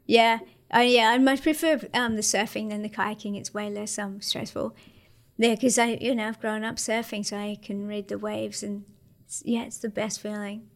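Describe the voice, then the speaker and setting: A woman's voice: medium pitch, fairly even intonation, normal speed. Laid-back Australian woman, slangy chat. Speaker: interview guest, para-surfer. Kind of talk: casual interview chat.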